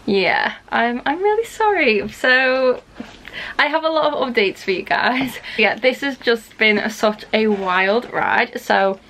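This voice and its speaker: Young woman vlogger, casual gushing book chat, gravelly fry, faint hiss behind. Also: on the high side, slow pace, poor audio. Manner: gushing, excitable, full of fillers. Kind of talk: casual reading vlog chat.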